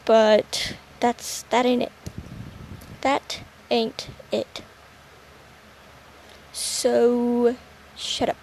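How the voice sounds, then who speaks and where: Playful, high-voiced young woman rambling. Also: little pitch movement, very slow, pauses often, slight background noise, poor audio. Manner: playful, rambling, self-mocking, sudden shifts in loudness. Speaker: podcast host. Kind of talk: solo podcast monologue.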